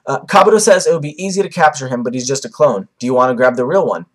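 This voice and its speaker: A man's voice: mid-range voice, fast talker. A young man giving casual, rambling commentary on a comic chapter, with many fillers and restarts. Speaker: manga reviewer.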